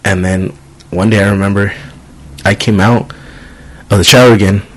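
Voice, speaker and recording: A man's voice: fairly low pitch, normal speed, poor audio. Profane, storytelling man. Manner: profane, animated storytelling with voiced quotes. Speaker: podcast host. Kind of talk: casual storytelling chat.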